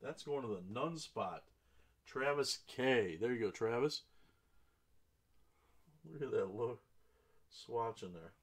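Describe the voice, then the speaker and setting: A man hosting a live trading card break, reading out each card and buyer's name and bursting into excited exclamations over big hits. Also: medium pitch, slow pace, pauses often.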